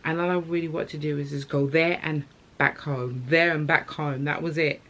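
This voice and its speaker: Chatty young woman, open and low. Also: steady tone, moderate pace, a bit bright. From England. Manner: open, chatty, emotional storytelling with slang. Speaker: vlogger. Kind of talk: candid personal vlog. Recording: faint background noise.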